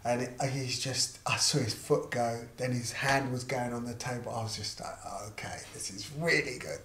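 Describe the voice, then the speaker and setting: A man's voice: mid-range voice, normal speed. A middle-aged man telling an anecdote in an interview, acting out the voices of the people in it. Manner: animated, acts out quoted voices. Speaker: interviewed musician and artist manager. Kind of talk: casual anecdotal storytelling. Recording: roomy echo, faint background noise.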